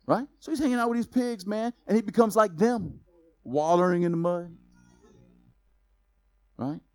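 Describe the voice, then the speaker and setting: A man preaching a sermon, telling a story in a lively, casual way with slang. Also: sits high, moderate pace, no room sound. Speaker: pastor.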